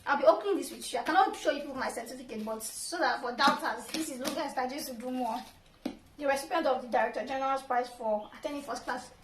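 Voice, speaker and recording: A woman's voice: sits high, fast talker, echoey room, distant mic, slight background noise, low-quality recording. A young woman with a Nigerian accent giving upbeat, numbered advice tips in a casual vlog. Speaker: vlogger, law graduate.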